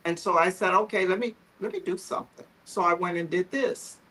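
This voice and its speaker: A woman's voice: on the low side, fairly quick, a bit bright, rough recording. A woman, founder of a photo therapy group, telling her personal story on a livestream video call in a heartfelt, emotional, earnest way.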